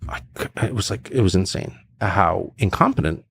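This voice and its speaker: A middle-aged man talking as a podcast guest, blunt and animated, acting out quotes with sudden high bursts. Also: normal speed, creaky, husky, no echo, clean studio sound. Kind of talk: casual conversation.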